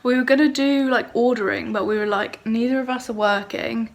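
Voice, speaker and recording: A woman's voice: fairly high pitch, a little fast. A young woman chatting casually to camera in her bedroom, bubbly and gushing. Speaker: vlogger. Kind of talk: casual vlog chat. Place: bedroom at home. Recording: roomy home recording with faint noise.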